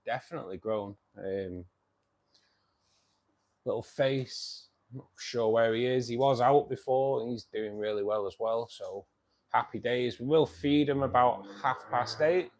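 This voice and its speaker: A man's voice: medium pitch, measured pace. A tired man hosting a fishkeeping live stream, chatting casually, reading viewer comments and calling everyone mate. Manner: chatty, says "mate" often, rambling restarts.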